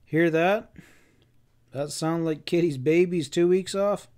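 A man's voice: a little high, slow, darkish tone, clear, resonant tone, pitched above the performer's own voice. A man voicing a stubborn cowboy who shields his friend and protests in folksy, pleading speech. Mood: protesting.

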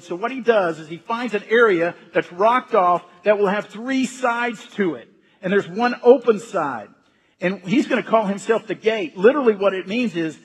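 Man, pastor, sermon, emphatic, high voice, long echoing reverb. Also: slightly rough. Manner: emphatic, repeats words while building a point. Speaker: senior pastor. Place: church sanctuary. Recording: reverberant church hall.

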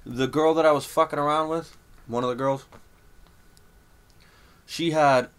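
A man's voice: fairly high pitch, steady tone, measured pace, clear, resonant tone. A man with a Boston accent, a podcast guest ranting in brash, profane banter. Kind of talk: casual chat.

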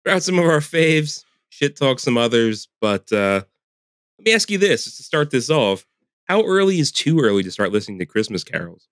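A laid-back man co-hosting a podcast, wry in manner and chuckling often. His pitch moves freely, and the recording is dry and close. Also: sing-song, moderate pace, fairly bright tone, no room sound. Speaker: podcast co-host. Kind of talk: casual chat.

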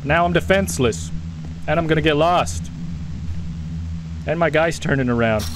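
A man's voice: on the high side, normal speed, background noise. A young man giving live commentary as he plays a game, jumpy and talking to himself with lots of swearing. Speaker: gaming streamer.

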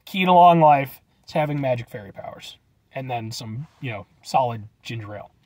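A man's voice: medium pitch, animated, normal speed, dark tone, dry recording. A man rambling in a jokey, chatty way as he reviews a drink and signs off his show. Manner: chatty, rambling and jokey with goofy sign-offs. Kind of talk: rambling casual review vlog.

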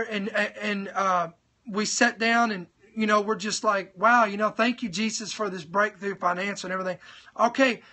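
A man preaching in a live-streamed sermon, telling his testimony in an animated way, speaking directly to his viewers and repeating points for emphasis. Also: sits high. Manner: animated storytelling, talks straight to viewers.

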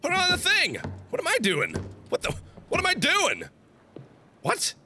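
A young man playing a horror game and commenting, sick and nauseous, swinging between shrieked curses and low, worn-out muttering. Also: wildly swooping pitch, measured pace, sharp tone, a little hiss or hum. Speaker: gaming YouTuber. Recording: game music behind.

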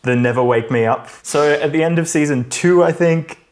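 A man's voice: on the high side, moderate pace. Podcast guy chatting casually, does little voices when retelling bits. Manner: animated, acts out scenes in put-on voices. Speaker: podcast co-host. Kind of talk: casual chat.

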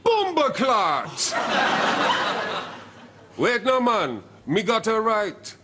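A brash fake patois poser. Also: male voice, high voice, wildly swooping pitch, very slow, heavily acted. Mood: swaggering. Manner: put-on patois slang, laughing, shouty. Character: white man faking Jamaican patois, brash poser. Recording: studio audience laughter behind. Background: crowd noise and laughter.

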